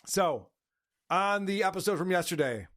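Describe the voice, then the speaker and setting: A man's voice: high voice, animated, moderate pace, fairly bright tone. A man hosting a podcast, casually mocking clips he plays and laughing often. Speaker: podcast host.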